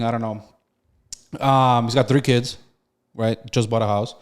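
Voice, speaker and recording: A man's voice: mid-range voice, steady tone, normal speed. A young man co-hosting a podcast, talking casually and emotionally, with restarts and slang. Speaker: podcast co-host. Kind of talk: casual chat.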